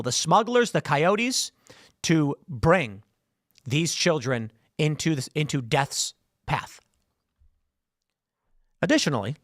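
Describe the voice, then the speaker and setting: A male political show host runs a live, opinionated stream, mocking and sarcastic, slipping into mock voices. His voice is on the high side, recorded with studio quality and no echo.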